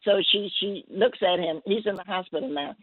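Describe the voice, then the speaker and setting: A woman poet guesting on a call-in show, telling a story in a gentle, rambling way with many restarts. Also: mid-range voice, fairly quick, breathy edge, dry recording. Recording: tinny phone line.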